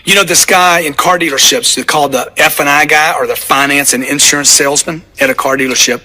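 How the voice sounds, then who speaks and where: A man's voice: fairly high pitch, steady tone, fairly quick, sharp tone. A man narrating his own sales book as a motivational audiobook, emphatic and punchy, driving his points home by repeating them.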